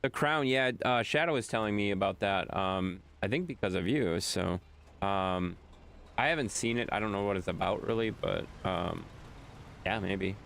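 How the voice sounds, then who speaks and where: A man's voice: lowish voice, normal speed, vocal fry, fairly bright tone, a little hiss or hum. A young man, a game streamer casually chatting with his viewers from home and answering the chat as he plays. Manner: reads chat aloud and answers it, joking and repeating himself. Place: home room with a green screen.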